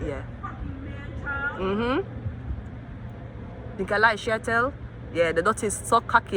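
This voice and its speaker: A woman with a Jamaican accent doing a profane tarot reading vlog outdoors, swinging between angry rants and low muttering. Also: animated, a little slow, pauses often, noisy background. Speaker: tarot reader.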